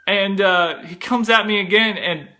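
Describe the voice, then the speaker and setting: A young man telling a comic personal story in a chatty, animated way, full of "like" and "bro". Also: sits high, measured pace.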